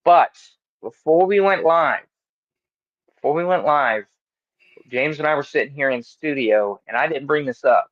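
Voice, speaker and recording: A man's voice: fairly high pitch, measured pace, no room sound, highs cut off. A man hosting a wrestling podcast in a studio, talking bluntly and mockingly with plenty of swearing. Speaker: podcast host. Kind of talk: casual chat.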